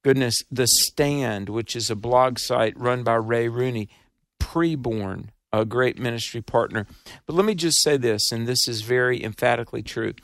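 A man's voice: medium pitch, moderate pace, fairly bright tone, no room sound, clean studio sound. A man with a Southern accent, hosting a radio ministry fundraiser in an earnest, emphatic, preacherly way.

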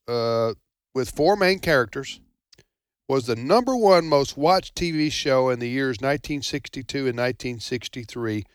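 A man's voice: medium pitch, smooth, no echo, studio quality. A man hosting a radio call-in trivia show, chatting in a casual, rambling, folksy way. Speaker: radio talk show host. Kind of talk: casual call-in quiz chat.

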